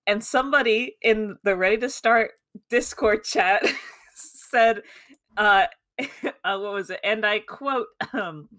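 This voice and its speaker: A woman's voice: medium pitch, slow, a bit bright, poor audio. Laughing woman telling a story. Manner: playfully indignant, laughs through stories. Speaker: podcast guest. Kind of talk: casual chat.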